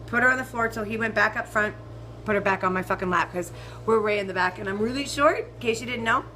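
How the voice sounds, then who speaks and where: A young woman telling a ranting storytime vlog, swearing freely and swinging between loud outbursts and muttered asides. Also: medium pitch, fast talker, a little hiss or hum, rough recording. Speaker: vlogger.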